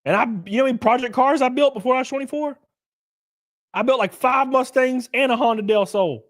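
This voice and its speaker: A young man streaming, ranting casually with lots of swearing, jumping between loud outbursts and low mutters. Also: fairly quick. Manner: profane, ranting, swings between loud and mumbled. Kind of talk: casual livestream chat.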